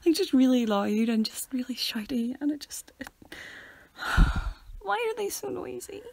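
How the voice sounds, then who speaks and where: A woman, co-hosting a casual podcast, soft-spoken and quick to laugh at herself. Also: sits high, big pitch swings, creaky, no room sound. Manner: soft-spoken, self-deprecating, laughs often. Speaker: podcast co-host. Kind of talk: casual chat.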